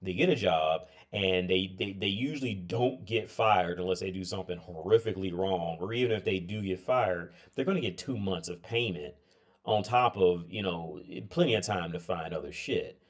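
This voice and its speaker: A tired man chatting on a casual livestream, his voice sitting very low. He rambles loosely, restarting sentences and leaning on filler words as he goes. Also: normal speed. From United States. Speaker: livestream host.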